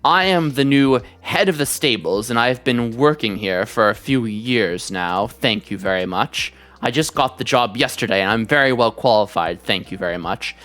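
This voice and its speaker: A man's voice: medium pitch, normal speed, hardly any pauses, a bit bright, close to an everyday voice. A man voicing a pompous, bossy male reindeer who runs the stables. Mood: smug. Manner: smug, bossy, self-important.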